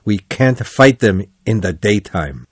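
A man's voice: on the low side, lively intonation, unhurried, no room sound. A man reading the part of a stern, serious old badger in a children's storybook. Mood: planning. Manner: gruff scolding then kind.

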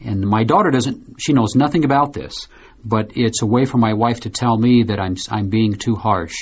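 A man hosting a slow, clearly spoken discussion for learners, explaining things patiently. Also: medium pitch. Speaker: host. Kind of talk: scripted learner podcast discussion. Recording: dull lo-fi recording.

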